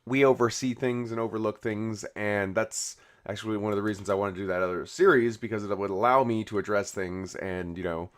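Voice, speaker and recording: A man's voice: on the low side, steady tone, brisk, hardly any pauses. Rambling man chatting while building. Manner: rambling, full of "you know" and restarts. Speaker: YouTube game host. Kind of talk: casual commentary while building.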